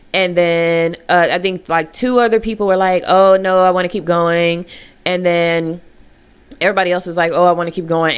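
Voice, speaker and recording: A young woman vlogs a personal story in a casual, lively manner, slipping into high, mocking voices. The tone is clean.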